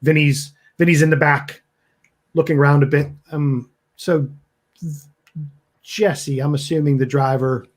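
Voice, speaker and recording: Man running a tabletop game, slightly high. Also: steady tone, unhurried, pauses often. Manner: casual, searching for words with many fillers. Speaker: game master.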